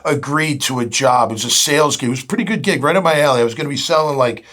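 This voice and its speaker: Interview guest, man in his 50s from florida, mid-pitched, chatty storyteller who acts out what people said. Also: very fast, fairly bright tone. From Jacksonville, Florida. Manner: chatty, acts out quoted dialogue, many "you know" fillers. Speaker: guest, former pro football player.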